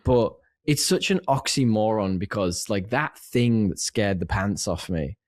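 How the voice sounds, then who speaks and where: Lively guy, dry room. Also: lowish voice, a little slow, dry recording. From northern England. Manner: animated, laughs often. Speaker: podcast co-host. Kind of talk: casual film chat.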